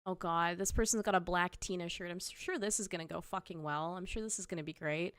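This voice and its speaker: A woman's voice: on the low side, quick pace, a bit bright, dry recording. A woman hosting a gaming commentary show, reacting to clips in an exasperated, profanity-laced rant. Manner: exasperated, sweary ranting.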